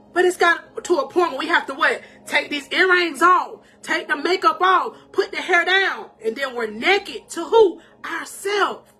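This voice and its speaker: High, bright-voiced woman life coach. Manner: animated and emotional, laughing often; preacherly, calls out to viewers. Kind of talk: encouraging live-stream talk.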